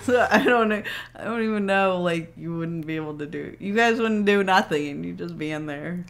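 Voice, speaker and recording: A woman's voice: fairly low pitch, moderate pace, vocal fry. A woman co-hosting a podcast, chatting casually with short, teasing replies. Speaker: podcast co-host. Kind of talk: casual chat.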